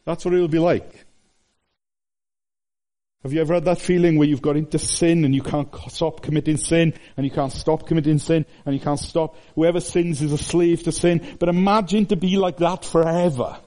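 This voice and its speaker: A man in his fifties, from Wales, preaching a conversational sermon that swings between high exclamations and hushed asides. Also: fairly even intonation, moderate pace. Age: 50s.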